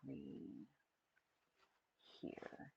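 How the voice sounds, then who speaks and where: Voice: drawn-out words, mellow, lo-fi sound. A streamer chatting casually on a live stream while building an avatar, often muttering to themselves and trailing off mid-thought.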